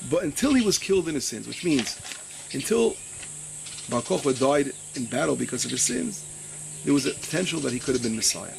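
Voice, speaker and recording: A male rabbi gives a Torah lesson in a gravelly, slightly high voice. He trips over words, repeats himself and draws out the quotes he reads. Steady noise sits under the recording. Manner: searches his papers aloud, stumbles and repeats words; reads quotes slowly with emphasis.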